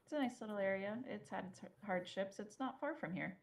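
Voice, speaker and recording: A woman playing a tabletop game, animated and a little hesitant. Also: medium pitch, brisk, creaky, slight background noise. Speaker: player.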